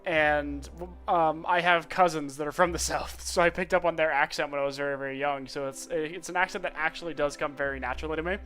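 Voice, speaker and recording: A man's voice: on the high side, steady tone, fairly quick, hardly any pauses, sharp tone, faint music behind. A man from the United States streaming a video game, chatty and rambling as he reads his character's lines aloud. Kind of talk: casual gameplay commentary.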